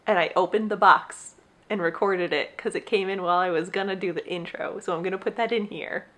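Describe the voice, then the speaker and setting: A woman's voice: on the low side, steady tone, brisk, fairly bright tone. A young adult woman hosting her own podcast, chatting casually and rambling with gushing enthusiasm. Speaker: podcast host. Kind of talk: casual solo chat.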